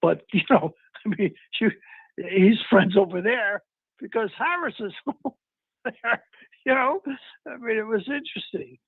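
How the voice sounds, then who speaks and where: An older man, an actor being interviewed, telling anecdotes in an animated way and acting out the lines of people he quotes, with a husky, gravelly voice. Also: high-pitched, a little slow, pauses often, no room sound. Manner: animated, acts out quotes in retelling. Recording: dry, tinny phone-like sound.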